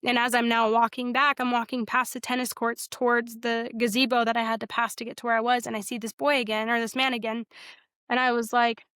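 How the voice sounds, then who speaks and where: Lively young woman telling her faith story. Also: a little high, a little fast, clear, resonant tone, dry recording, clean studio sound. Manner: animated, quotes herself and others in dialogue, frequent "like". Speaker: podcast guest sharing her testimony. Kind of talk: casual storytelling.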